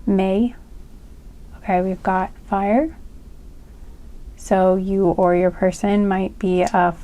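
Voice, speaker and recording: A woman's voice: medium pitch, level tone, slow, warm tone. Chatty woman doing a card reading. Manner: chatty, lots of fillers like "um" and "like"; giggly, laughing fits. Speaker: tarot reader. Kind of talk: casual spoken card reading.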